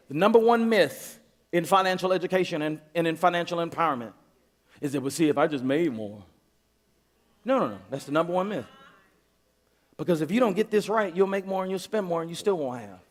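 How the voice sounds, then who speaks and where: A man preaching a sermon as pastor, repeating words in quick restarts and voicing God and his listeners in quotes. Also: high-pitched. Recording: long hall reverb.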